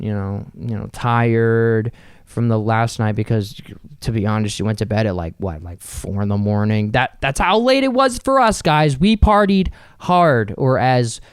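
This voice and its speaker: Young male podcast host, casual rambling storyteller, smooth tone, dry and close. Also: mid-range voice, darkish tone, dry recording. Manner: rambling and loose, with frequent fillers and swearing. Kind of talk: casual solo podcast monologue.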